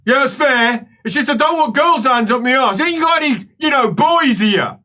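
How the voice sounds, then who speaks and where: A game master voicing a crude, panicking man who swears and shouts in a strained, raised voice. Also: high voice, expressive, normal speed, voice pushed up. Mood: outraged. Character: loud angry male patient, crude and panicking.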